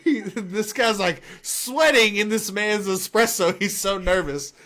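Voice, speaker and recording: A man's voice: sits high, a little slow, sharp tone. A man co-hosting a movie podcast, talking casually and animatedly, laughing as he retells scenes. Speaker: podcast co-host.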